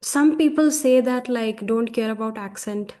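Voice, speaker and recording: A woman with an Indian English accent speaks as a guest on a chat show, with a voice pitched a bit high. She is frank and opinionated and picks up speed when she drives a point home. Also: normal speed, warm tone. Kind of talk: casual conversation.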